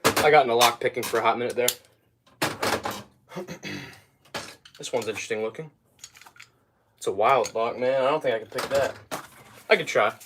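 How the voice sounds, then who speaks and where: A man's voice: mid-range voice, normal speed, pauses often, background noise. A young man chatting casually on a livestream while working, rambling and easily sidetracked as he talks to his viewers. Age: young adult.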